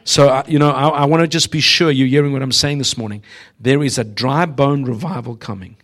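Man preaching a lively sermon. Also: medium pitch, fairly quick. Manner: exhorting, addresses listeners directly, often laughing. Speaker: visiting preacher. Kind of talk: humorous, prophetic sermon. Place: church in front of a congregation.

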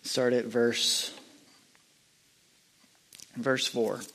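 A young man sharing a personal testimony, earnest and halting, often restarting his sentences and climbing high and loud when he gets stirred up. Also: level tone. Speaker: lay speaker sharing a testimony.

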